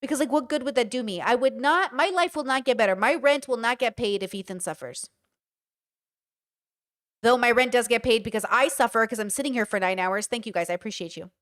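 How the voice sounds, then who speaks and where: Woman in her 30s, streamer, quick emphatic reactions, slightly high voice. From United States. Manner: animated, rapid, emphatic. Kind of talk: live-stream reaction commentary.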